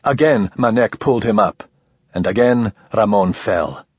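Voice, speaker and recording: Husky, low-voiced male narrator. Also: no room sound, dull audio. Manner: dramatic, measured storytelling. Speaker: audiobook narrator. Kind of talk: scripted narration.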